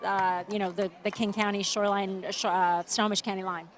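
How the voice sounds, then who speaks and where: A woman's voice: medium pitch, level tone, brisk, background noise. A woman giving live commentary on a street parade outdoors, chatty and reading from her notes, often correcting herself.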